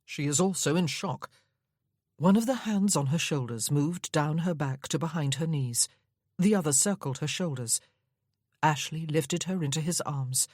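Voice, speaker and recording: A woman narrating a Regency romance audiobook in a steady, measured way. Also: low-pitched, no echo, studio quality. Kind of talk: reading a Regency romance novel aloud.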